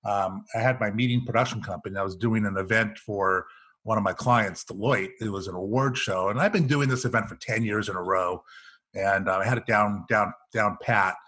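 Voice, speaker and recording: A man's voice: fairly low pitch, fairly bright tone, husky. A middle-aged man, an executive coach, telling stories in a podcast interview and acting out the dialogue in them. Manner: storyteller, acts out quoted dialogue.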